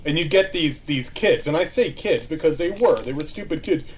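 Mężczyzna w swobodnej, zirytowanej rozmowie. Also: male voice, on the high side, expressive, normal speed, a little hiss or hum, low-quality recording. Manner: exasperated, repeats words, blunt. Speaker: podcast co-host. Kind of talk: casual chat. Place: outdoors at a campfire.

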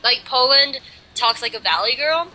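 Young woman, co-host, casual rambling chat, giggly, very bright sharp voice, slightly high pitch. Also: animated, normal speed, a little hiss or hum, rough recording. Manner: rambling, giggly, lots of fillers. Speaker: podcast co-host.

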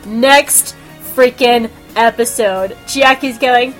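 A woman hosting a podcast, chatting casually and excitedly about anime, giggling and gushing as she talks. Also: mid-range voice, moderate pace, soft background music. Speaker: podcast host. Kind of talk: casual anime review chat.

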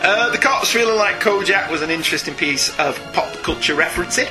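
A man co-hosting a casual comics podcast, animated and often laughing, with quick asides. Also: high voice, music in the background. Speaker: podcast co-host. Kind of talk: casual chat about comics.

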